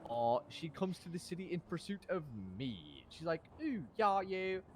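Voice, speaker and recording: Young guy rambling thru a slangy role-play story, voice bounces all over, a bit high, faint hiss. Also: expressive, normal speed, a little mellow. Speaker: streamer playing a role-play character.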